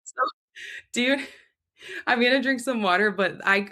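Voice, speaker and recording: Bright-voiced casual woman host. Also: on the high side, measured pace. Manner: loose and casual, swears freely. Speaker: host and channeler. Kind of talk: casual live chat. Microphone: video call mic.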